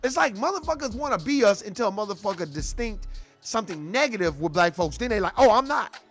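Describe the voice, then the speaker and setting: A man's voice: high-pitched, expressive, quick pace, a bit bright, faint music behind. A man hosting a commentary show, ranting in a profane, heated and mocking way. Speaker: show host.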